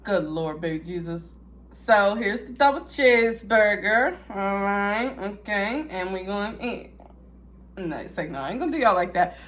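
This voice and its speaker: A young woman, vlogging a food review, dramatic and chatty, swinging from loud squeals to low mutters. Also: expressive, unhurried, slight background noise. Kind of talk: casual food-review vlog.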